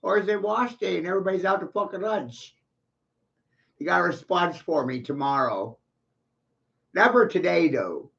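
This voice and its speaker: A man in a rambling, profane, boastful monologue, ranting with bursts of loud laughter, on a dull lo-fi recording. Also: high voice, expressive, moderate pace, gravelly, pauses often. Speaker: vlogger.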